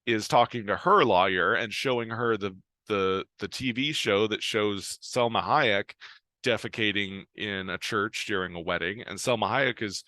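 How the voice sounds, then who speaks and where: A man's voice: fairly low pitch, moderate pace, sharp tone, dry recording. A man retelling a show's plot in a casual, rambling way, full of ums and restarts. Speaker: show recapper.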